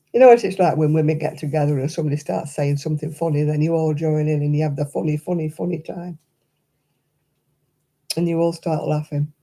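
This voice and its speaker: Older lady chatting on a craft stream, husky, very mellow dark tone, keeps laughing thru her stories. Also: low-pitched, moderate pace, long pauses. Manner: chatty anecdotal storyteller, laughs often. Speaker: crafting livestream host. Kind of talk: casual chat.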